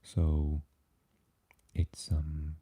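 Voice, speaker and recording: A man's voice: extremely low pitch, monotone, drawn-out words, mellow, breathy edge. A man from Wales with a South Welsh accent, hosting a casual live stream and chatting in a rambling, hesitant way with lots of fillers. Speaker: ASMR channel host.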